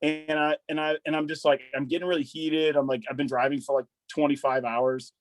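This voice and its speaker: Laid-back profane army veteran telling stories. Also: male voice, on the high side, flat delivery, brisk, slight background noise, poor audio. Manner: loose and profane, full of "dude" and "like", restarts a lot. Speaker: podcast guest, army veteran. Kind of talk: casual conversational storytelling.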